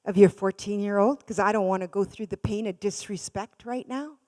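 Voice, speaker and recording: A woman's voice: medium pitch, normal speed. Dramatic woman preacher in a reverberant hall. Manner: dramatic, swings from loud to hushed. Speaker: guest speaker. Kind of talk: church sermon with storytelling. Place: church hall. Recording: long reverb of a large hall.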